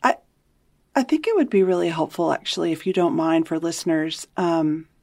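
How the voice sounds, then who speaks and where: Woman, interviewer, very low pitch, gentle probing questions. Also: lively intonation, normal speed.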